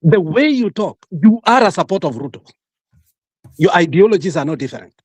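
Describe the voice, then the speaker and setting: Switching between English and Swahili, a Kenyan-accented man on a livestream panel pushes his point hard in a heated debate and talks over the others. He sounds high-pitched, animated and fairly quick, with a darkish, slightly rough tone and no room sound.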